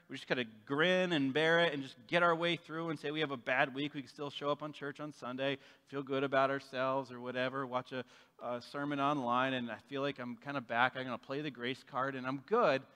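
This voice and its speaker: Male pastor, casual storytelling sermon, bright tone, big-room reverb. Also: a little high. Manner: conversational, acts out quoted voices.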